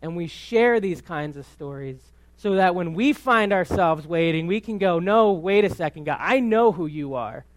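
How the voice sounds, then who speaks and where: A man in his thirties tells a personal story from the pulpit, chatty and full of restarts. His voice sits a little high, and the sound is close and dry with no room echo. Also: expressive, moderate pace, few pauses. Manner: conversational storytelling with many restarts. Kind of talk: sermon testimony. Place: church.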